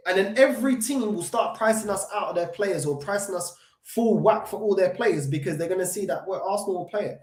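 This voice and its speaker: A London man hosting a football fan channel, chatting casually with his live chat, slangy and animated, still short of breath from covid. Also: sits high, fast talker, roomy sound.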